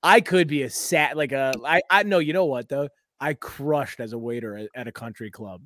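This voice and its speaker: A man's voice: medium pitch, moderate pace, a bit bright, slight background noise. A young man hosting a casual, comedic podcast chat, loose and joking with frequent swearing. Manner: loose, joking, swears often, does mock voices of people. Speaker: podcast host.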